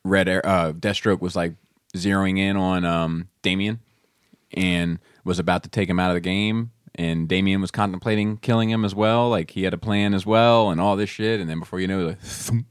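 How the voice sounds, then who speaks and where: A man co-hosts a casual comics podcast in a somewhat low voice. He rambles, swears and laughs easily, recorded dry and close. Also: fairly even intonation, moderate pace, smooth, no room sound. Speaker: podcast co-host. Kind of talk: casual chat about comics and films.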